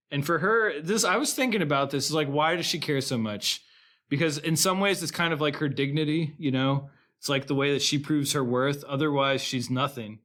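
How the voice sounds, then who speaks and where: A man co-hosting a podcast, chatting casually about a movie, retelling scenes with animation and frequent laughter. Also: fairly high pitch. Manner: animated storytelling, laughing often, acting out quotes. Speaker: podcast co-host. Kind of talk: casual film discussion.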